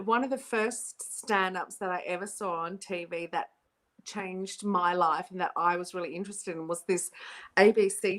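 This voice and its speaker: A bright, crisp-toned woman hosting a casual podcast chat. She tells stories with animated energy and breaks into loud laughter. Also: on the low side. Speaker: podcast host.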